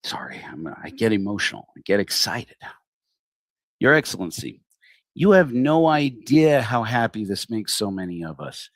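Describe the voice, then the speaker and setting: A middle-aged man delivers a livestreamed satirical sermon in a low voice that leaps up and down with ironic, theatrical flattery. The sound is close and dry, with no room around it. His sarcasm never lets up. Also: normal speed, dry recording. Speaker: host of a secular online congregation.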